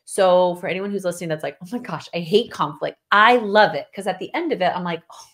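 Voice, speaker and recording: Animated woman co-hosting a podcast. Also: on the low side, fairly quick. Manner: animated, emphatic, laughs often. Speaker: podcast co-host. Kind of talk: casual conversation with spouse.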